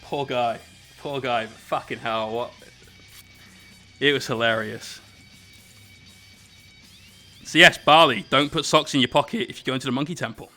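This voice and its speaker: A man's voice: medium pitch, measured pace, long pauses, pushed and bright, faint music behind. A British man casually telling a rambling, swear-filled story while painting miniatures on stream.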